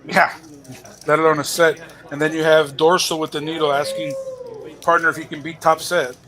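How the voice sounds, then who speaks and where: A man's voice: a little high, flat delivery, moderate pace, bright, forceful tone. A man doing casual color commentary on a live poker game, joking and talking to the players as if they can hear him.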